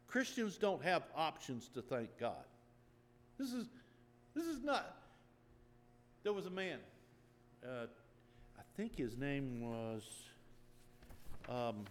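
A man's voice: on the high side, big-room sound. An older man preaching an earnest sermon as pastor, rising to emphatic bursts.

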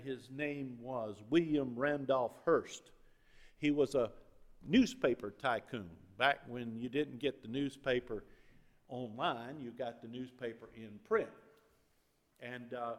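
Dynamic preacher man in a reverberant hall. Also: a little high. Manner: dynamic preaching, swinging between loud and quiet. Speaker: pastor. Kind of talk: sermon. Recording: long reverb of a large hall.

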